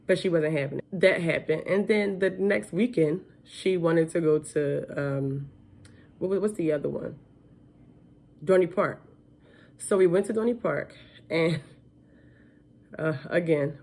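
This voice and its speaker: A woman's voice: deep voice, vocal fry, darkish tone. A woman telling her life story in a casual, candid way, chatty and full of fillers.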